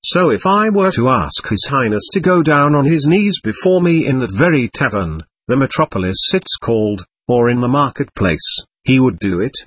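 A man's voice: mid-range voice, lively intonation, normal speed, fairly bright tone, husky, no echo. A man reading the part of a poor, defiant older captain who mocks himself with theatrical bitterness. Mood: mocking self-pity. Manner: bitter, theatrical, self-abasing.

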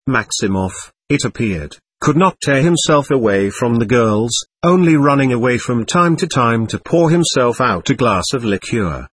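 A man reading a classic novel aloud as audiobook narrator, in a measured literary manner. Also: mid-range voice, fairly bright tone, husky, dry recording. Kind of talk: scripted narration.

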